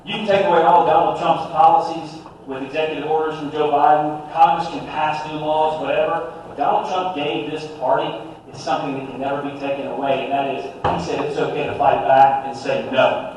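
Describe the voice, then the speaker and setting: A man's voice: a little high, flat delivery, a little fast, few pauses, darkish tone. A middle-aged man with a Southern US accent from South Carolina, giving a joking, conversational speech to a political meeting crowd. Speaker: guest speaker at a political meeting. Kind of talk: live public speech. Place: large meeting hall, indoors. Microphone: distant from the microphone. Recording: echoey hall recording from far off, with noise.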